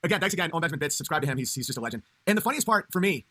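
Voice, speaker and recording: A male comedian rambling through a casual livestream. He talks with a high, bright voice, stops and restarts a lot, and laughs easily. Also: expressive, very fast. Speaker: comedian streamer.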